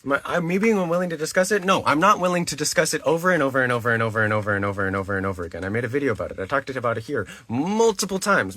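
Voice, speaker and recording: A man's voice: medium pitch, animated, very fast, few pauses, bright, forceful tone, no echo. A man livestreaming to his chat, talking defensively, repeating himself and swearing.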